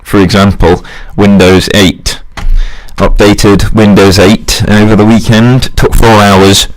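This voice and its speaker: A man's voice: fairly low pitch, little pitch movement, takes it slowly. A young man rambling through a casual solo monologue, self-mocking and chuckling at his own jokes.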